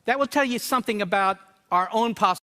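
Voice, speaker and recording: A man's voice: high-pitched, fairly quick, bright, forceful tone, a little hiss or hum. A man giving a prepared talk in an emphatic way, often checking in with his listeners. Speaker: speaker.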